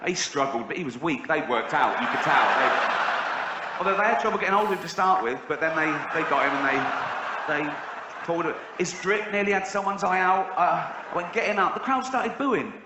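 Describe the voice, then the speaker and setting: English stand-up guy, bit high voice, deadpan stories, big echoey hall with crowd laughing. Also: fairly quick, highs cut off. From England. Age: middle-aged. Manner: deadpan storytelling that bursts into high shrieks when acting out others. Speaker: stand-up comedian. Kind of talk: stand-up comedy set. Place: large theatre stage before a laughing audience. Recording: roomy hall with audience noise. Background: audience laughter.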